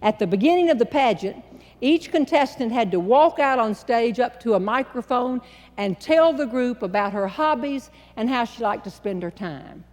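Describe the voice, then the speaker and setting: A Southern American woman, a humorist telling a story to a live audience, her fairly high voice drawn out in a folksy way with deliberate pauses. The recording has the long, trailing reverb of a large hall. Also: expressive, darkish tone.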